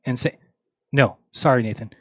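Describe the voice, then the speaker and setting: A man's voice: mid-range voice, fairly even intonation, moderate pace, dry recording. A man hosting a livestream, ranting bluntly and mockingly, acting out the lines of people he quotes. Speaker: livestream host. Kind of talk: casual livestream rant.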